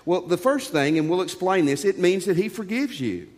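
A man's voice: high voice, lively intonation, moderate pace, darkish tone, big-room sound. A middle-aged male pastor preaching a sermon in an earnest, conversational way, telling stories from his own life.

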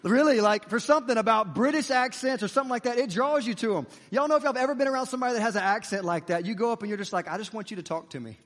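A man preaching a sermon, chatty and lively, joking with the congregation. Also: extremely high pitch, very fast, hardly any pauses, big-room sound. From United States. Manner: conversational and lively, with playful asides to the congregation.

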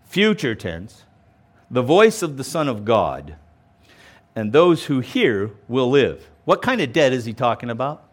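A man's voice: medium pitch, measured pace. A male pastor giving a verse-by-verse Bible teaching sermon, emphatic and explanatory, with casual asides and frequent restarts. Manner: animated, emphatic, explains and repeats points.

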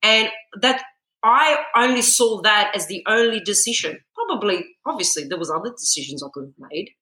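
Animated woman, echoey room. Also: mid-range voice, moderate pace. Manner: animated storyteller, acts out her own panic in quotes. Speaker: guest, singer. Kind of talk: podcast interview.

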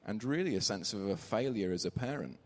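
In a reverberant church hall, a preacher gives a conversational sermon, sharing a family story and reading scripture aloud. His lowish voice has lively intonation and moves a little fast.

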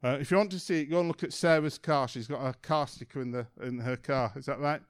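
A man's voice: medium pitch, quick pace, clean tone. A man giving an informal church talk, telling a story in a chatty way with lots of ums. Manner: chatty storytelling, many ums and kind-ofs. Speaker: church speaker.

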